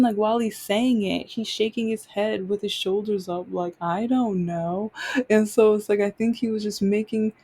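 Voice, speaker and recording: A woman's voice: fairly high pitch, vocal fry, dark tone. A woman host telling a personal story in a casual, rambling way, full of fillers and restarts, acting out what others said with rising exasperation. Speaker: podcast host.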